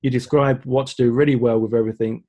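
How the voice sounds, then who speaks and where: A man's voice: medium pitch, steady tone, quick pace, warm tone. A man co-hosting a live online Q&A, reading out viewer comments and laughing easily. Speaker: webinar co-host. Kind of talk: live Q&A chat.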